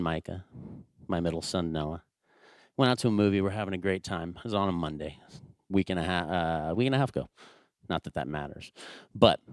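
A man with a fairly low voice tells a family story from the pulpit. He is animated and acts out the quoted lines. The sound is dry and close. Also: no echo. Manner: animated storytelling, acts out his own raised dad voice. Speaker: church speaker. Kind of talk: sermon storytelling.

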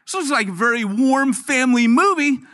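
A man's voice: extremely high pitch, a little fast. A middle-aged man preaching a sermon in a church, telling jokes and stories as he goes. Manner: joking, storytelling, animated. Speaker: guest preacher.

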